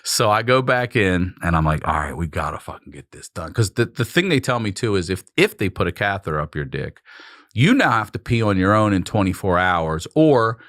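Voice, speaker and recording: A middle-aged man with a lowish, bright voice that swings widely in pitch as he tells a story. He is profane and animated and acts out everyone in the tale. The sound is close and dry. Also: fairly quick, no room sound. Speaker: comedian telling a story on his podcast. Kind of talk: casual storytelling chat.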